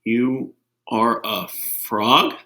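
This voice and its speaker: A man's voice: medium pitch, steady tone, extremely slow, bright, forceful tone. A man voicing an anxious, earnest elephant in a storybook, his voice rising when alarmed. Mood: worried. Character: anxious worried elephant friend.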